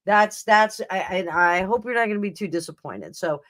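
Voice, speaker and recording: A woman hosting a live tarot stream speaks at a moderate pace in a mid-range, animated voice with a fairly bright tone. Her casual talk wanders, with frequent laughs and restarts along the way.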